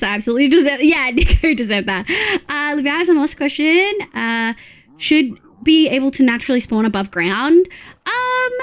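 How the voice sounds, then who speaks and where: A young Australian woman streaming live, chatting casually with her viewers, reading their messages aloud and gushing over their photos. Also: fairly high pitch. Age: young adult. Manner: chatty, reads chat aloud, gushing exclamations and muttered asides.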